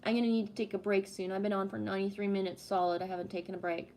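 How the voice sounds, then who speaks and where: A middle-aged woman from Canada chatting casually on a livestream, telling stories in an animated way with a lot of swearing. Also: medium pitch, rapid-fire, a little hiss or hum. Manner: animated storytelling with heavy swearing. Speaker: livestream host.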